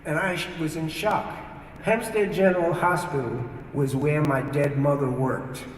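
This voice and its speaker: A man's voice: on the high side, steady tone, measured pace, a little hiss or hum. Man, personal storytelling testimony, earnest and vivid, distant mic, long hall reverb. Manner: vivid, earnest storyteller who acts out his own past words. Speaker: speaker giving a testimony.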